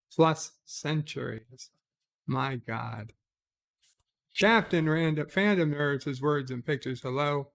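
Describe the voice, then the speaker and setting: A man hosting a casual live stream, reading viewer comments aloud and answering them offhand, with frequent "uh" hesitations. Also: fairly high pitch. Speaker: livestream host reading viewer chat. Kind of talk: casual late-night live stream chat.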